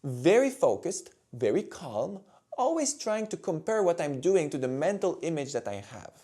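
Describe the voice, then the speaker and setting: Male music teacher; steady, patient instruction with a lively melodic voice. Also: on the high side, normal speed. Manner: calm, clear, demonstrative teaching. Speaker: violin teacher. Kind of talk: instructional video talk.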